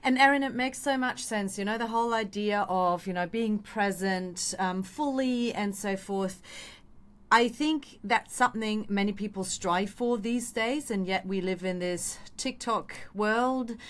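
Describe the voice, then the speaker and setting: A woman's voice: medium pitch, a little slow, clear, resonant tone. A woman hosting a podcast, affirming the guest and asking long, carefully framed questions. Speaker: podcast host.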